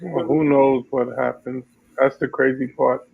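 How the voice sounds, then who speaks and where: A man's voice: mid-range voice, steady tone, unhurried, creaky, husky. A man, talking in a laid-back, slangy way in casual chat. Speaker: podcast co-host. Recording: tinny phone-like line.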